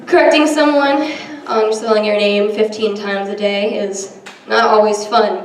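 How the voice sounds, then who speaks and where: A young female comedian speaks at a moderate pace with a medium-pitched, steady voice and hardly any pauses. In a large hall before a live audience, she runs through a self-deprecating, chatty set full of ums. The recording sounds far off and echoey, with laughter and general room noise.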